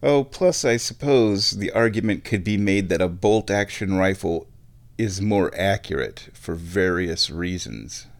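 A man's voice: low-pitched, measured pace. A man chatting casually to viewers, thinking aloud and searching for words as he rambles from topic to topic. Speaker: vlogger. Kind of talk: casual rambling chat while watching sport.

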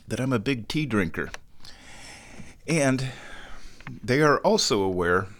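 Casual male host, rambling from home, animated pitch, breaks into baby-talk. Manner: rambling, switches into high baby-talk for his cat. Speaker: podcast host. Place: home, walking between rooms.

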